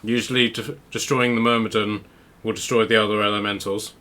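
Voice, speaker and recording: A man's voice: fairly low pitch, level tone, brisk, bright, forceful tone. A man voicing an officious officer who speaks through a magic sending stone and questions the party. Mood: advising.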